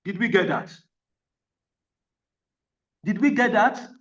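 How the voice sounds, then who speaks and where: A man lectures on physiotherapy in a high-pitched, emphatic voice, stopping often to ask whether the class is following. He sounds set back from the microphone. The recording is dull and muffled. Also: lively intonation, takes it slowly, fairly bright tone, distant mic. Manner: emphatic, repeats questions to check understanding. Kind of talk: online training lecture.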